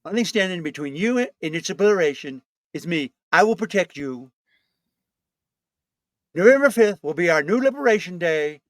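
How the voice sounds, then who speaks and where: A pompous, rambling old politician , as a comedian puts him on, who brags about himself and complains that nobody has it worse. The voice sits a little high and is recorded dry and close. The delivery keeps circling back to the same boasts. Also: male voice, expressive, moderate pace, dry recording. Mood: bombastic. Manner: bragging, rambling, self-pitying. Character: boastful blustering older male politician. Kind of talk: comic impression.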